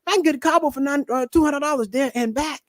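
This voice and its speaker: A man hosting a relaxed live-stream chat, talking loosely and swearing without a second thought. His voice sits high for a man. The sound is dry and close. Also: fast talker, dry recording. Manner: laid-back, swears casually. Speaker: livestream host.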